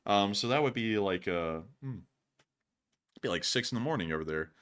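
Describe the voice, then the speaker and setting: Young male streamer, bright and casual, rambling chat to viewers. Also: lowish voice, expressive, normal speed, clear, resonant tone. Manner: loose and rambling, laughs easily. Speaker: host of a news livestream.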